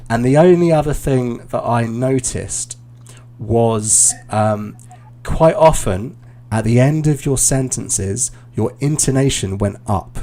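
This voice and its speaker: Speaking slowly at a medium pitch, a British man who teaches IELTS offers easygoing feedback and explanations in a live online lesson. He fills his talk with plenty of ums and uhs.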